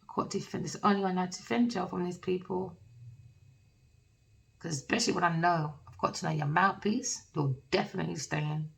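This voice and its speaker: A woman voicing a doting, protective male lover in a tarot reading, speaking softly and coaxingly. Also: a little high, animated, moderate pace, heavily acted. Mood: tender.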